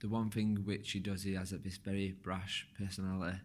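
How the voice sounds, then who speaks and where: A man with a slightly low voice hosting a casual podcast interview. He talks loosely and at length, circling back and restarting his questions as he thinks them through. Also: a little fast, a little hiss or hum. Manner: rambling, relaxed, restarts questions often. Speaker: podcast host.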